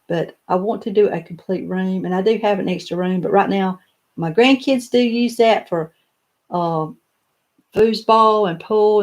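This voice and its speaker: An older woman with a low, darkish voice chats casually on a live stream from her home office, which is lined with doll showcases. She answers viewer comments and rambles a bit, with plenty of fillers and restarts.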